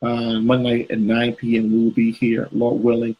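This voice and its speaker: A man's voice: medium pitch, completely flat delivery, moderate pace, slightly rough, muffled recording. A man co-hosting a live couples show, talking casually and rambling with fillers and restarts. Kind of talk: live video chat with viewers.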